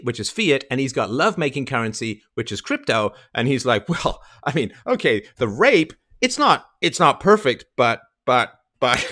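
A man's voice: medium pitch, fairly bright tone. A middle-aged man hosting a commentary show, ranting emphatically and mockingly with frequent swearing. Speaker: podcast host commenting on a clip.

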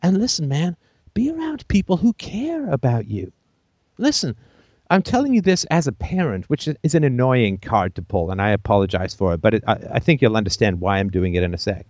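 A man's voice: mid-range voice, very animated, fairly quick, darkish tone, dry recording, clean studio sound. A man hosting a call-in show, giving blunt, emphatic advice full of profanity and jokey asides.

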